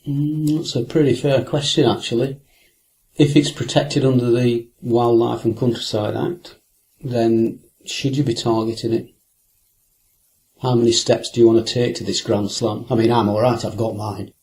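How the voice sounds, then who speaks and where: A man's voice: mid-range voice, little pitch movement, moderate pace, a little mellow. An older man, an angler, telling fishing stories in a rambling interview manner full of hesitations. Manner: rambling, with many hesitations and restarts. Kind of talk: reflective anecdotal interview talk.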